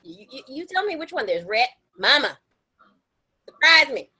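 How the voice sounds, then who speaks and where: High, lively woman chatting on a podcast. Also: brisk, slightly rough, poor audio. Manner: animated storytelling with slangy, emphatic repetition. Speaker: podcast co-host. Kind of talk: casual chat.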